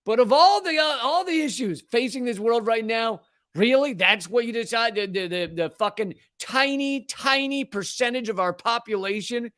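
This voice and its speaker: High-voiced, fiery male comedian. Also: moderate pace, bright, forceful tone, no room sound, clean studio sound. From Southern United States. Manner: fiery, stammering, profane. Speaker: comedian host. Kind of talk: comedic political monologue.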